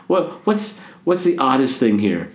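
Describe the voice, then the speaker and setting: A man co-hosts a casual chat as a priest, playful and joking as he rambles. His voice sits at a middle pitch. The recording has a roomy echo. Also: sing-song, unhurried. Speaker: priest and podcast co-host.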